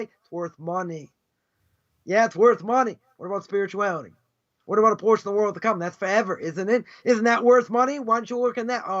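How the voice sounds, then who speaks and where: A man's voice: very high-pitched, fairly bright tone, muffled recording. A man teaching as a rabbi in a live class, pressing his points with scornful rhetorical questions. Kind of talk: live Torah lecture.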